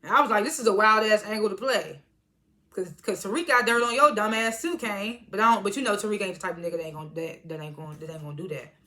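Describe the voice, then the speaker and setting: Bright-voiced woman recapping a TV episode. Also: mid-range voice, fast talker. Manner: animated, slangy storytelling with frequent laughs. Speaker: TV show reviewer.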